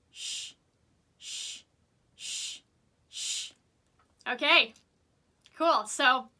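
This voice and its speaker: A woman music teacher leading children through vocal warm-ups, upbeat and patient, showing each exercise aloud. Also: on the high side.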